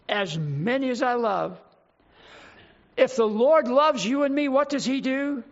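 Very high-pitched with vocal fry and a bit of brightness, an older preacher delivers his sermon fervently, stretching out emphatic phrases. The audio is muffled and low-fidelity.

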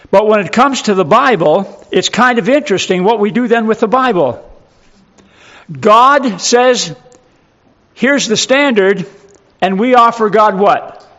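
A man's voice: high-pitched, fairly bright tone, dull audio. A male pastor preaching a sermon, emphatic and full of rhetorical questions.

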